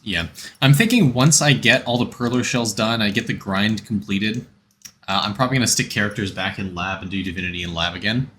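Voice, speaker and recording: Bright-voiced male game streamer. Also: fairly low pitch, fairly quick, slight background noise. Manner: rambling, answers chat between game tips. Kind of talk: casual game stream chat.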